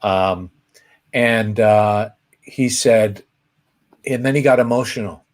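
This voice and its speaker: A man's voice: on the low side, takes it slowly. A man co-hosting a casual live Q&A, telling a story and acting out the people in it. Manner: animated storyteller, acts out quoted voices. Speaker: co-host answering viewer questions.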